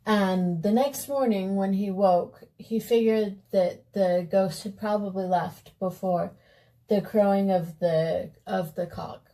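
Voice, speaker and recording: Brief: young female vlogger, unhurried casual storytelling over makeup, soft-spoken and meandering. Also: medium pitch, steady tone, rough recording. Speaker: beauty vlogger.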